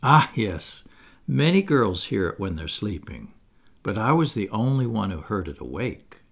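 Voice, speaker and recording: Expressive man reading a storybook. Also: lowish voice, a little slow, vocal fry. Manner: expressive, wide-ranging. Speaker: audiobook narrator.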